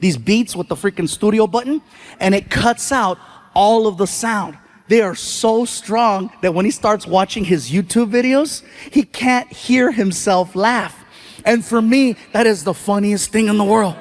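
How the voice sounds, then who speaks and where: A man in his forties performing a stand-up comedy routine on stage, telling animated stories and shouting out voice impressions. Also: high-pitched, measured pace. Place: stage before a live audience.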